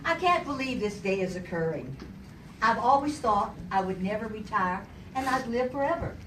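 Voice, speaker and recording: With a voice on the high side, animated and at normal speed, an older woman delivers her retirement farewell, joking and chuckling through warm stories for the audience. The setting is a large hall at the celebration, recorded from far away with echo, crowd noise, chatter, and laughter.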